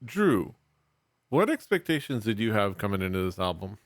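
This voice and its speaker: A man hosting a music podcast with friends, relaxed and jokey. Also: on the low side, normal speed, dry recording, studio quality. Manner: relaxed, jokey, hesitant fillers. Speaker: podcast host. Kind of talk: casual chat.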